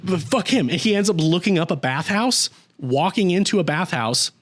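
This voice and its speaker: This podcast host has a high, fairly bright voice with lively intonation and talks at normal speed as he recaps a story in casual conversation. He wanders off track, curses freely, says "like" constantly, and briefly voices the characters he quotes.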